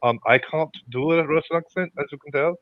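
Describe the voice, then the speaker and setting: A man's voice: a little high, a little fast. Stammering man on a dull lo-fi mic. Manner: heavy stammering, nervous laughs. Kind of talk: comedic podcast banter. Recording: dull lo-fi mic with faint hiss.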